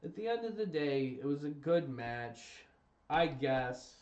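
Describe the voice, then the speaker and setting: Young male streamer, emphatic and exasperated, unhurried delivery, pitched a bit high. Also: animated, darkish tone, recorded from a distance. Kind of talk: casual ranting commentary. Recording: roomy, dull lo-fi stream audio.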